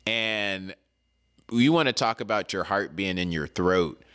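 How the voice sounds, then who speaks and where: A man's voice: deep voice, a little slow, a bit bright, clean tone. A middle-aged man telling stories in a casual chat, drawling and acting out quotes as he talks. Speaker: podcast co-host.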